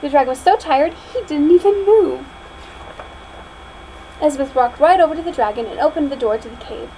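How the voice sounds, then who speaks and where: A woman's voice: sits high, brisk, slight background noise, poor audio. A young woman reading a picture book aloud as a student, telling it expressively and then chatting casually about it. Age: young adult. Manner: expressive storytelling, chatty afterward. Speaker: student reader.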